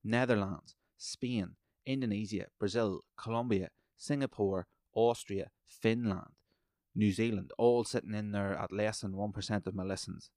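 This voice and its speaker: A man hosts his own podcast, rambling and swearing with excitable energy while calling a fight as he watches. His voice sits on the low side. The recording is dry and close, with no room echo. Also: a little slow. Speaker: podcast host. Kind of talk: solo podcast chat with live fight commentary.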